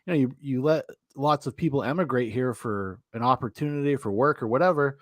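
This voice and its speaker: A man's voice: mid-range voice, brisk, no room sound, studio quality. An American man hosting a podcast, joking and rambling in casual chat. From United States. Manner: jokey, rambling, laughs often.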